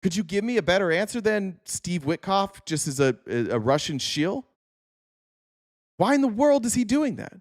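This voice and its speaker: A man's voice: sits high, moderate pace. A man hosting a political podcast, ranting sarcastically and swearing, reading out chat comments between points. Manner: animated, profane, sarcastic ranting. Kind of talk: casual political talk.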